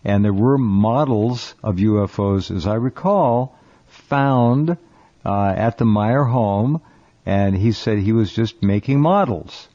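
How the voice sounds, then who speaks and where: A man hosting a radio talk show, casual and halting, often restarting his phrases. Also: on the low side, mellow. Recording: dull lo-fi radio sound.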